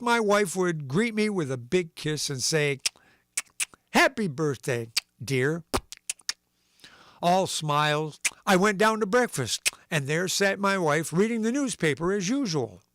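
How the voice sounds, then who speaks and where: Male livestream host, lively storyteller, slightly high voice, dry recording. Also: moderate pace, no room sound. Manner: animated storyteller, voicing characters and sound effects. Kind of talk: reading a comic story aloud on a livestream.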